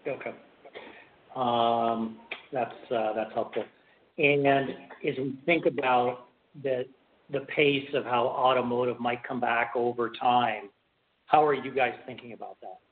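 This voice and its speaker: A man's voice: medium pitch, steady tone, measured pace, slight background noise. A man as an analyst on an earnings call, asking long rambling questions. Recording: tinny phone line.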